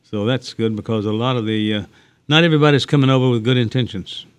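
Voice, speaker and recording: A man's voice: mid-range voice, quick pace, smooth. A man co-hosting a radio talk show, chatting casually and rambling with fillers and restarts. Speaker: radio host.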